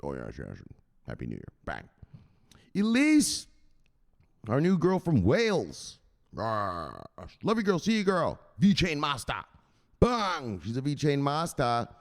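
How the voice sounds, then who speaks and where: A man hosting a casual livestream, giving loose, profane shoutouts to viewers with laughs along the way. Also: medium pitch, wildly swooping pitch, slow pace, long pauses, in a large hall. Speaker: host.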